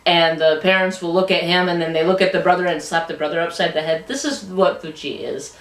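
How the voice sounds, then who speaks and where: Woman, low voice, casual book review, rambling with fillers, echoey room, mic set back. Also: fairly quick, fairly bright tone. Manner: rambling retelling with many fillers. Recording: roomy, distant mic.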